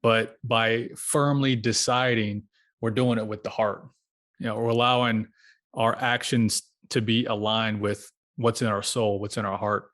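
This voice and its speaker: A man who is a podcast guest, speaking in a calm, heartfelt and reflective way. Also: lowish voice, a little slow. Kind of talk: casual podcast conversation.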